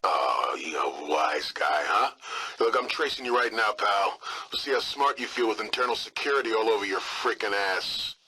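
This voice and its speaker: A foul-mouthed, husky military radio operator. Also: male voice, lowish voice, animated, moderate pace, pushed and bright, heavily acted, rough recording. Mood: furious. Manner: profane, blustering, sarcastic. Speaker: communications officer.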